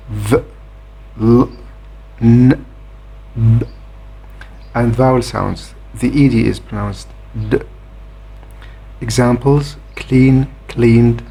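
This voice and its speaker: A man explaining a grammar lesson in a measured way, pausing often with "uh" between points. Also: mid-range voice, darkish tone, slightly rough. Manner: measured, with frequent "uh" hesitations. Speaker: grammar teacher.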